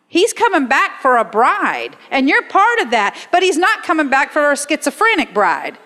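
A woman's voice: high-pitched, sing-song, normal speed, hardly any pauses, pushed and bright. A middle-aged woman preaching a sermon in a church, emphatic and conversational, firing off rhetorical questions. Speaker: guest speaker at a church. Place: church sanctuary. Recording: long hall reverb.

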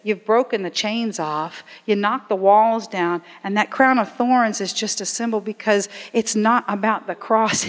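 A woman preaching a sermon, swinging between loud exhortation and soft, pleading passages. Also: medium pitch. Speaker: lay preacher. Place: church sanctuary. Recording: echoey church hall.

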